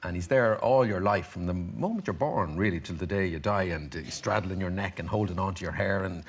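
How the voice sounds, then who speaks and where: A man's voice: low voice, fairly quick, husky. An Irish man, a comedian guest on a chat show, telling rambling self-deprecating anecdotes full of "you know" and "like". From Ireland.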